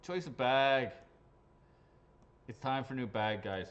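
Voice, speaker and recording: A man hosts a live prize draw in loose, rambling chat full of crude jokes. His voice sits at an ordinary middle pitch. The audio is a little dull and lo-fi. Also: expressive, takes it slowly, a bit bright. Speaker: raffle host. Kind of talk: casual live-stream chat. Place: his golf shop or driving range.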